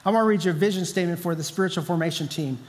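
Man, pastor, sermon, high voice, conversational, repeats for emphasis, long hall echo. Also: very fast. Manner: conversational storytelling, emphatic repetition.

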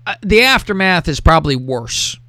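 Man, podcast host, crude casual chat, high voice, swings pitch a lot. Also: normal speed, no room sound. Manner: profane, animated, mimics voices.

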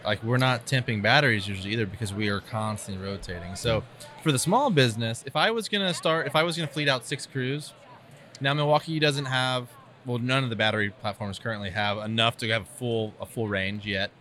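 A man's voice: mid-range voice, fairly quick, sharp tone. A man, a tree-care pro, chatting bluntly and animatedly about gear on a podcast. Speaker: arborist guest. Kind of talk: casual podcast chat.

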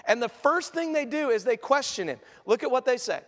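A man preaching a sermon as pastor, animated and acting out quoted voices as he teaches. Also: very high-pitched, fairly quick. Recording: echoey hall reverb.

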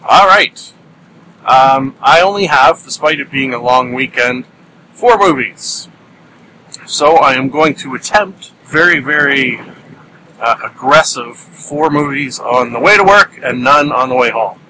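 A man's voice: mid-range voice, animated, measured pace, sharp tone, a little hiss or hum, rough recording. A man hosts his podcast from a car while driving. He talks in a playful, rambling way, stretches words out for comic emphasis, and uses many fillers. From Ontario, Canada. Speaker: podcast host. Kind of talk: casual solo podcast monologue.

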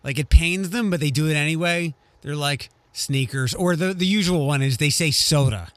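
A man's voice: fairly high pitch, brisk, no room sound. Wry, rambling man in dry sound. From Western Pennsylvania. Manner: rambling, self-correcting, wry. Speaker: podcast co-host. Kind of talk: casual chat.

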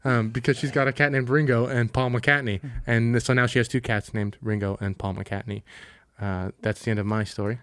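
A man's voice: medium pitch, steady tone, brisk, a bit bright, clean tone. A man hosting a casual podcast chat, joking and teasing with casual swearing. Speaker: podcast host. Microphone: podcast microphone.

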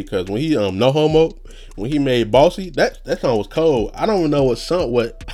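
A young man hosting a casual solo podcast rant, rambling and profane, with sudden high-pitched outbursts. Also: darkish tone. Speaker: podcast host.

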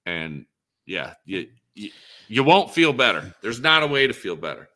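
Bright-voiced earnest man, halting speech. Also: on the low side, big pitch swings. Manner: halting, earnest, many restarts. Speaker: guest. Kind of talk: casual chat.

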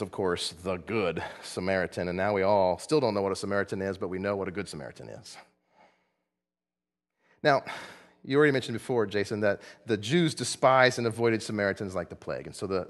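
Animated male preacher in an echoing hall. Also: lowish voice. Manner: conversational preaching with laughs and repetitions. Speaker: pastor. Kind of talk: sermon.

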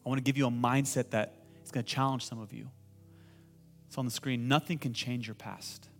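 A man preaching a sermon as pastor to a congregation, asking them to repeat phrases and building to loud, impassioned pleading. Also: mid-range voice, fairly even intonation, a little fast, soft background music. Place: church hall with congregation.

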